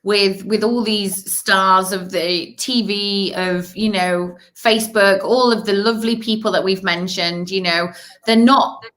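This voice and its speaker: A woman's voice: medium pitch, steady tone, measured pace, fairly bright tone. A woman co-hosting a casual livestream, rambling and enthusiastic with many "you know"s. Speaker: co-host of online festival livestream. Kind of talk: casual chat.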